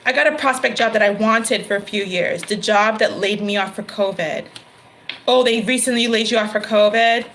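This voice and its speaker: A woman's voice: medium pitch, moderate pace, fairly bright tone, a little hiss or hum, poor audio. A woman hosting a live-stream tarot reading, talking casually to viewers by name and laughing often.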